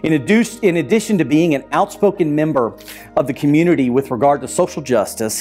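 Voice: mid-range voice, warm tone. A speaker giving a polite, formal introduction of a guest pastor.

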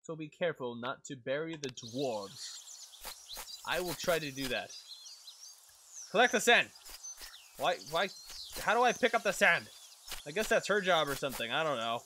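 A man giving excitable live commentary on a game he is playing, talking to himself and to his characters and swearing when something startles him. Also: fairly high pitch, moderate pace, a little hiss or hum. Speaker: let's play gamer. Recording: loud game sounds behind voice.

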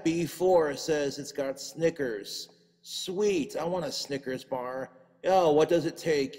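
A man's voice: high voice, darkish tone, long reverb tail. A man doing a crude, profane stand-up comedy routine, ranting and putting on little voices.

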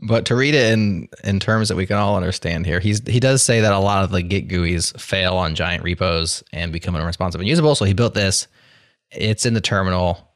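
A man's voice: sits low, fairly quick, no echo. A man hosting a podcast, wry and dry-humored, steering the conversation. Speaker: podcast host. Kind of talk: casual chat.

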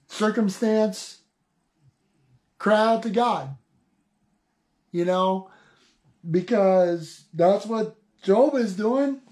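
A high-voiced man preaching slowly and haltingly over scripture, stopping often to restart his words. He reads the verses aloud and then talks them through in a plain, informal way. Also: warm tone. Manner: slow, halting, with many restarts and "see". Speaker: online Bible teacher. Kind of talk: informal Bible reading and preaching.

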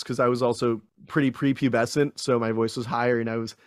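Animated man telling stories, dry sound. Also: mid-range voice, brisk, hardly any pauses, dry recording. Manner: animated storyteller, acts out quotes in voices. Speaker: guest actor and screenwriter. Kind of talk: casual interview chat.

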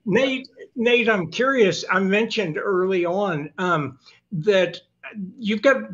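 A man moderating a panel who asks his questions in an unhurried, hesitant way. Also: on the high side, fairly bright tone, lo-fi sound.

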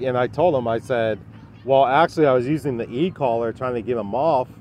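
A man's voice: mid-range voice, a little fast, dull audio, a little hiss or hum. A man talking casually to camera outdoors at a dog park, rambling with plenty of fillers and "anyhow".

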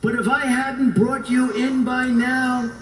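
A tender-hearted woman exclaims earnestly, as a man reads her lines at a rally. The voice is raised and high, heard from a distance in an echoey hall with faint crowd ambience. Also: level tone, slow, fairly bright tone, a little hiss or hum, exaggerated voice. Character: tender-hearted kind woman who takes in a snake.

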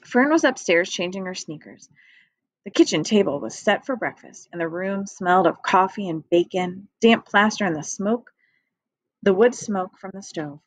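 A woman teacher reads a children's book aloud in a clear, measured storytelling voice. Her pitch sits in a middle range. The recording is dry and close, with no room echo. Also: lively intonation.

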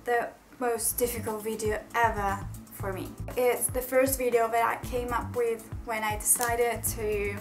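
Young Italian-accented woman vlogger, eager and chatty, slightly high voice, faint music under her. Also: level tone, a little slow, hardly any pauses, poor audio. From Italy. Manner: chatty, eager, self-deprecating. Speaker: YouTuber. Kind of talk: casual explainer vlog.

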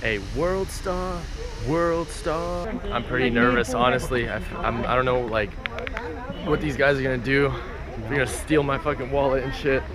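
A young man in a casual travel vlog, talking to a handheld camera as he goes, swearing often and ranting in a rambling, excitable way. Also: mid-range voice, fairly quick, crowd noise. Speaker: travel vlogger. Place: outdoors and in cafes while traveling. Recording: noisy outdoor camera audio.

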